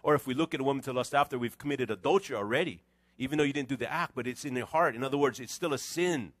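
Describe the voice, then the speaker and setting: A middle-aged pastor, preaching in a relaxed, conversational way and teasing his congregation as he goes. His voice sits at an ordinary pitch for a man. The sound is dry and close, with no room echo. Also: rapid-fire. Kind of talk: conversational sermon. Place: church sanctuary.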